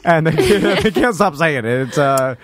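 A man in his thirties co-hosting a comedy podcast, telling stories in a casual, animated way and laughing often. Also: a little high, moderate pace, a little hiss or hum. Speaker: podcast co-host.

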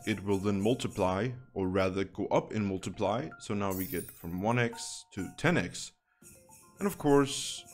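A man giving casual, chatty commentary while playing a slot game, thinking aloud and dropping wry asides. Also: on the low side.

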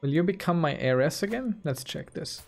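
A gaming video host with a fairly high, animated voice and vocal fry speaks at a moderate pace. He muses playfully to himself as he casually comments on his own strategy game in let's-play fashion, with soft game music behind.

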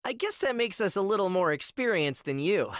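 A woman's voice: medium pitch, very animated, fairly quick, no echo, studio quality, natural voice. A woman voicing a smug, artsy teenage boy ninja in a game cutscene, needling and matter-of-fact. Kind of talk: video game cutscene dub.

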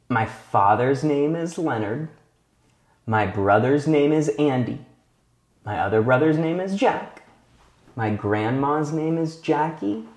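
A male English teacher talks to the camera in a patient video lesson, asking simple questions and pausing for answers. His voice sits in the middle range. The room around him gives it a noticeable echo. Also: medium pitch, a little mellow. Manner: slow, clear teacher talk with frequent check-in questions.

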